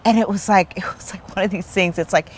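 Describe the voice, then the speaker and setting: A woman in her fifties, a therapist hosting, telling a personal story in a relaxed, animated chat. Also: mid-range voice, fast. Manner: chatty, animated storyteller with many "like"s. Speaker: therapist and host.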